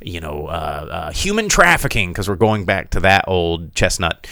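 A man with a low, smooth voice rambles sarcastically through a casual podcast chat. His pitch swings widely as he mocks what he is describing. The recording is dry and close. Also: normal speed, dry recording. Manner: rambling, filler-heavy, sarcastic; animated, mocking delivery. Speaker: podcast host reviewing a film.

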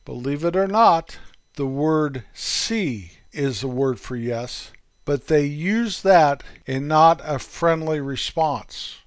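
A man hosting a podcast, telling corny puns and comic stories in a deadpan way. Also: fairly high pitch, takes it slowly, clean tone, no room sound. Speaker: podcast host. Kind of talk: comic storytelling.

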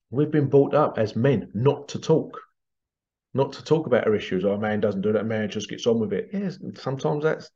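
A man's voice: a little high, gravelly, warm tone. Rambling man, lo-fi sound. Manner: rambling, repeats phrases, acts out quoted voices. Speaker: healing therapist. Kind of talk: casual monologue to camera.

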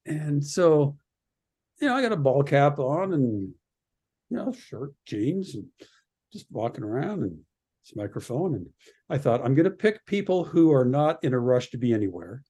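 A man from Canada, a radio producer and podcast guest, telling an animated story and acting out the voices of the people in it. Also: mid-range voice, moderate pace, slightly rough. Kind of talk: animated anecdote in a podcast interview.

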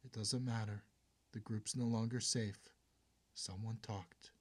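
A man's voice: on the low side, fairly even intonation, takes it slowly. A man voicing a wounded mother in an audiobook, anxious and insistent. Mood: resigned. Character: wounded mother, frantic then resigned. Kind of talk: audiobook character voice.

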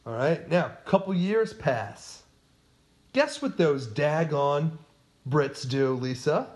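A man's voice: on the high side, animated, slow, a little mellow. A man co-hosting a podcast, telling history in a loose, joking, self-deprecating way, chatting with his wife. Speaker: podcast co-host. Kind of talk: casual history chat.

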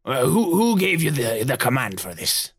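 Give me a man playing a gruff old pirate with a raspy, gravelly voice. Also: medium pitch, sing-song, normal speed, no echo, clean studio sound. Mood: indignant.

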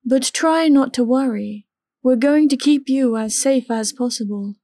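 Confident teasing woman, read by a woman, slow steady voice, dry sound. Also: high voice, no room sound, voice pushed up. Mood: reassuring. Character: confident red-haired woman, playful leader.

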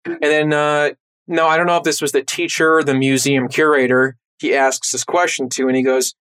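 A man with a slightly raised pitch hosts a casual podcast conversation. He tells stories in a chatty, animated way, full of "like" and quick asides. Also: clean tone. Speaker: podcast host. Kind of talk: casual chat.

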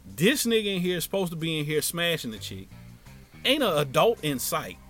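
A man telling a wild story from his past in casual, profane speech, dropping to a hush and then rising loud. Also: fairly high pitch, moderate pace, faint music behind. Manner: animated, profane, swings from hushed to loud.

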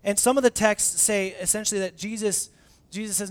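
Animated high-voiced man preaching. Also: a little fast, clear, resonant tone. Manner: animated, conversational, acts out quoted dialogue. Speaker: pastor. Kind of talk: sermon.

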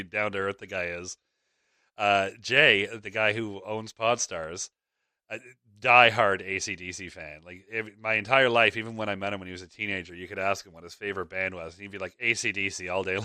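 A man's voice: lowish voice, bright, forceful tone, no echo, studio quality. A middle-aged man hosting a podcast, telling a casual story in a rambling, chatty way with lots of fillers and restarts. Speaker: podcast host.

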